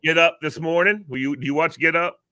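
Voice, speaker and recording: A man from Virginia, co-hosting a casual talk show, telling an animated story and acting out the quotes. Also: fairly high pitch, fairly quick, no echo, clean studio sound. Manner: animated, acts out quotes, laughs often. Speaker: podcast co-host.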